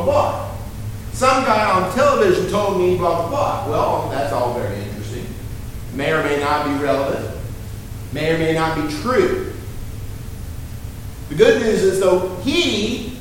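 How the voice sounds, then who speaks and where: A male preacher with a notably high-pitched voice delivers a sermon. His manner is conversational yet emphatic, with frequent restarts as he works through his points. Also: a bit bright, a little hiss or hum, rough recording.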